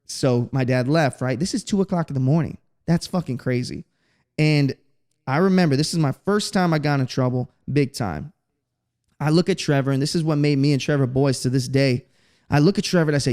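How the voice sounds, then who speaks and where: A man's voice: on the high side, fairly quick. A man from Texas hosting a podcast, telling stories in a casual, slangy, profane way. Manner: profane, slangy, animated storyteller. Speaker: podcast host. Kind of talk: casual storytelling monologue.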